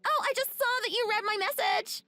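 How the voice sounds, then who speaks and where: A woman's voice: very high-pitched, brisk, sharp tone, soft background music. A woman voicing a sly young woman who keeps begging for forgiveness, repeating her apologies in a whiny, pleading way.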